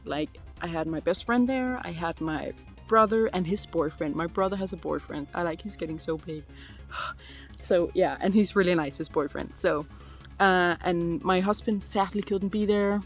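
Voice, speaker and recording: Giggly chatty woman in her twenties. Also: on the low side. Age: 20s. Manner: chatty and giggly, full of "like" fillers. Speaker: vlogger answering viewer questions. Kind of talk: casual chat. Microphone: phone.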